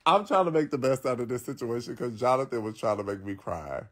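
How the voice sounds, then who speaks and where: A man talks straight to his live-stream viewers in loose, unscripted chat. His voice sits a little higher than most men's. He is blunt and profane, and he rambles from one point to the next. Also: very animated, fast talker, few pauses.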